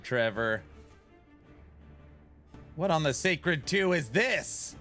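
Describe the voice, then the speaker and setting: Bright-voiced male streamer greeting chat. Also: mid-range voice. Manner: loose, joking, greets chat by name. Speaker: streamer host. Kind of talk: casual live-stream chat.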